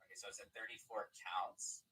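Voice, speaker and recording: A man in his thirties calling into a debate stream. He speaks quietly and calmly, pressing with questions. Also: on the low side, fairly quick, husky, low-quality recording. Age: 30s. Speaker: caller. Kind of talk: debate call-in.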